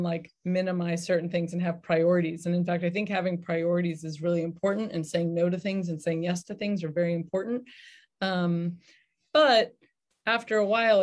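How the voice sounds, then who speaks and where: A middle-aged woman who is a venture investor appears as a guest on an interview podcast. Her voice is somewhat low with a darkish tone, and she speaks thoughtfully and conversationally, pausing often on ums and restarting her sentences.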